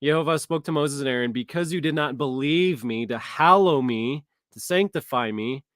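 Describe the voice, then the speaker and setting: A man leads a relaxed Bible study and talks it through as ideas come to him, often backing up to restart a sentence. His voice sits at an ordinary middle pitch. The sound is dry and close, with no room around it. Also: moderate pace, no echo. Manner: conversational, thinking aloud, frequent restarts and fillers. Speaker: Bible teacher. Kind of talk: casual Bible study teaching.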